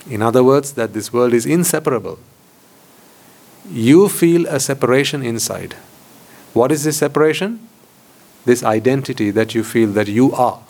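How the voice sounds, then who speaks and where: Monk, male, mid-pitched, rhetorical teaching talk with repeated phrases. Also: creaky, a little mellow. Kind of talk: dharma talk to lay audience. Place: hall with board.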